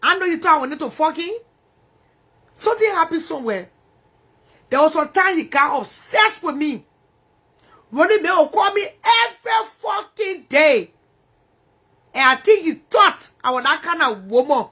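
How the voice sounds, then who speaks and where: A woman's voice: high voice, lively intonation, normal speed, bright, forceful tone. A woman ranting angrily in profane, repetitive bursts from her bedroom. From Liberia. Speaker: social media personality.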